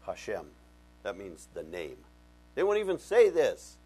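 Animated man teaching a sermon. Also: mid-range voice, measured pace, slightly rough. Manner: animated, asks the congregation questions; conversational, folksy. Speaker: pastor.

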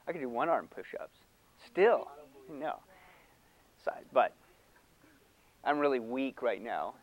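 An older man preaching a sermon in an animated, conversational way, laughing and acting out mock voices. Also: mid-range voice, slow pace, long pauses, poor audio. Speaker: pastor.

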